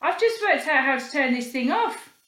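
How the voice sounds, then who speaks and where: A woman voicing a flustered, eager young boy with excited, squeaky cries. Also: moderate pace, echoey room.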